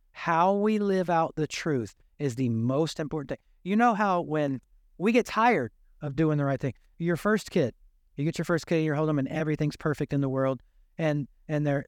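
A man's voice: a little high, no echo, clean studio sound. An older man giving an earnest, conversational sermon to parents, asking his listeners rhetorical questions. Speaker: pastor.

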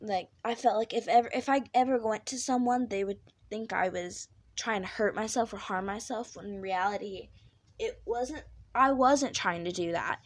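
A young woman hosting a podcast, talking candidly in a rambling monologue with a high-pitched, squeaky voice. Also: moderate pace, no echo. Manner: candid, rambling with fillers and restarts. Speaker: podcast host.

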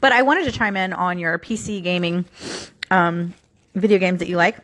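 A woman's voice: lowish voice, moderate pace, a bit bright. A woman leaving a casual message for a radio show while eating lunch, chatty and eager. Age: adult parent.

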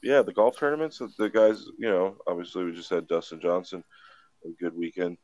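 A man's voice: sits low, expressive, a little fast, a little mellow. A man in his twenties, a podcast co-host, telling a rambling, swear-filled story in casual chat.

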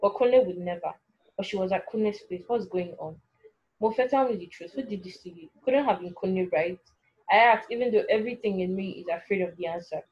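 A woman narrator reads a first-person story aloud at a mid pitch and a slightly fast pace, sounding anxious and full of self-questioning. The recording is dull and lo-fi with muted highs.

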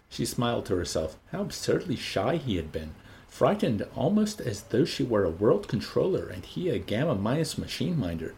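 A man narrating an audiobook in an expressive, measured reading. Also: medium pitch, gravelly, slight background noise. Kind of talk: scripted narration.

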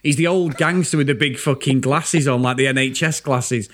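A man's voice: medium pitch, normal speed. A British man co-hosting a casual film review chat, telling stories animatedly and swearing freely. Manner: animated, laughing storyteller who swears freely. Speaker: podcast co-host.

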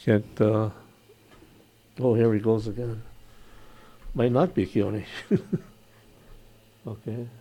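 An older man from Hawaii with a Hawaiian accent, hosting a casual radio chat, chatty and quick to laugh. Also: on the low side, fairly even intonation, mellow. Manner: chatty, laughs easily, imitates local sayings. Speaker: radio show host.

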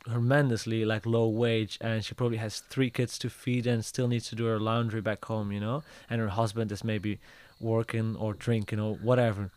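A man's voice: on the low side, little pitch movement, moderate pace, hardly any pauses, darkish tone, smooth, no room sound. Man, casual chat, reflective, agreeable, dry close recording. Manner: agreeable, reflective, many yeahs and restarts.

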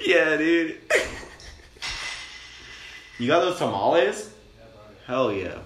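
A young man, a bit high, telling a long profane story in a rambling, laid-back way inside a camper van. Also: big pitch swings, very slow, fairly bright tone. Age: young adult. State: high on cannabis. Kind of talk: casual storytelling chat. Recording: roomy with faint noise.

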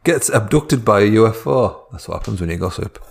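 A man's voice: lowish voice, expressive, fairly quick, creaky, breathy edge. A man co-hosting a comedy podcast with dry, joking casual chat. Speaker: podcast co-host.

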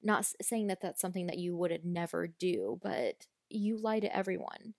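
A woman's voice: fairly low pitch, steady tone, moderate pace, creaky, darkish tone, no room sound, clean studio sound. A woman hosting a casual true-crime podcast, telling the story bluntly with swearing and indignant asides. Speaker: podcast host.

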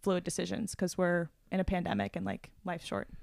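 A woman's voice: fairly low pitch, very animated, brisk, vocal fry, a little mellow, no room sound. Chatty young woman, dry close mic. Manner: chatty, filler-heavy, playful. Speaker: podcast host. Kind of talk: casual chat.

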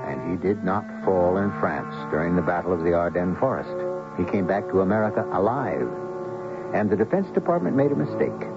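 A man narrating and hosting a radio mystery drama in a measured, ominous way. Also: deep voice, animated. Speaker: narrator and host. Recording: dull old radio recording with loud music.

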